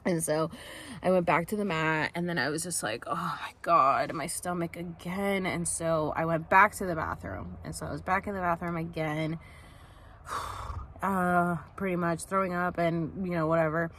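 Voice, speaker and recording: A woman's voice: lowish voice, fairly even intonation, normal speed, fairly bright tone. A woman telling a personal story to her camera, chatty and loose, full of fillers, acting out what others said. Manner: chatty, full of "like" and "um", acts out quotes. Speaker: vlogger. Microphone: camera mic while filming herself.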